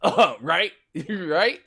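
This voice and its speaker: A man with a Chicago accent, hosting a stream with loud, profane, boastful trash talk about games. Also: sits high. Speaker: stream host. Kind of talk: casual gaming chat.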